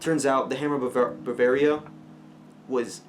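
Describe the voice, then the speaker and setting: A man's voice: mid-range voice, normal speed. A man giving a casual, rambling movie review with many fillers and restarts. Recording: music playing clearly behind.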